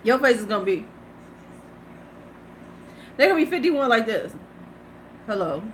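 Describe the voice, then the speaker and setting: A woman's voice: fairly high pitch, big pitch swings, unhurried, a bit bright, slight background noise. A woman in her fifties, a beauty vlogger hosting a live stream, chatting casually, laughing and greeting her viewers. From United States.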